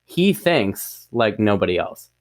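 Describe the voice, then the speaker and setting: A man's voice: on the low side, big pitch swings, slow pace. A man co-hosting a podcast, chatting casually and hesitantly about a film and an interview he watched. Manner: easygoing, hesitant, many fillers and restarts. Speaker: podcast co-host. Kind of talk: casual film review chat.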